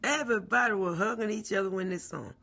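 A middle-aged mail carrier recalls a personal story in a lively, animated way and acts out what people said. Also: medium pitch, fast, creaky. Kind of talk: personal recollection, oral history.

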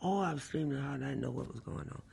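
A middle-aged mail carrier tells a personal story. The voice is gravelly and husky, and the delivery is animated, acting out what other people said. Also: medium pitch, fast. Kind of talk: personal recollection, oral history.

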